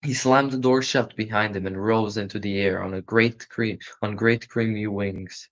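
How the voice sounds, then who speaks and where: Man, low voice, calm storybook reading, muffled lo-fi sound. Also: moderate pace. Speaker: storybook reader. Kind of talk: live children's story reading. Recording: muffled lo-fi recording.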